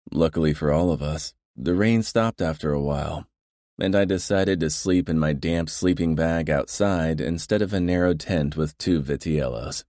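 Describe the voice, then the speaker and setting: A man narrating a novel in the first person with a steady, understated delivery. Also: a bass voice, no room sound, studio quality. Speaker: audiobook narrator.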